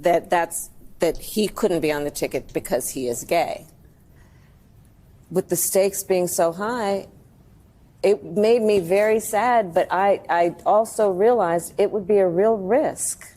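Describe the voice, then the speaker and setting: A woman's voice: medium pitch, slow pace, warm tone. A woman being interviewed about her book, hesitant and candid, with ums. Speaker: author interviewed. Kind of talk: interview answers.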